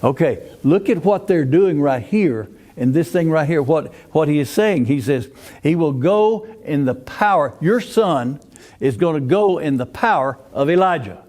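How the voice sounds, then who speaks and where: A man's voice: on the high side, lively intonation, a little slow, darkish tone. An older man leads a Sunday school Bible class. He talks in a folksy, easygoing way, keeps asking the class questions, and often restarts his sentences.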